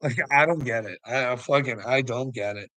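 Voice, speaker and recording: Bright-voiced man, swearing and ranting, laughs a lot, very dry close sound. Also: medium pitch, fairly quick, no room sound, low-quality recording. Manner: profane, heated, laughing between lines. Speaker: vlogger. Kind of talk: ranting monologue to camera.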